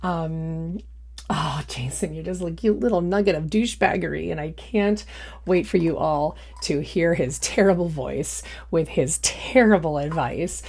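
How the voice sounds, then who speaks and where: A woman's voice: deep voice, unhurried, darkish tone. A young woman doing casual reaction commentary in a sarcastic, mocking way. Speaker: YouTube commentator.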